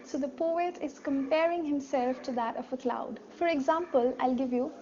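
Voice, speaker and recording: A woman's voice: high voice, normal speed, dark tone, highs cut off, a little hiss or hum. A woman teaching a lesson on a poem, explaining each point step by step, repeating key words and asking rhetorical questions. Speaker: literature teacher. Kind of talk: poetry analysis lesson.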